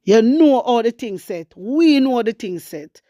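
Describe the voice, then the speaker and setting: Speaking unhurriedly in a voice on the high side, a Jamaican woman hosts casual political commentary with studio quality and no echo. She's animated, blends patois and English, reads out news excerpts, and addresses viewers directly as wisdom warriors.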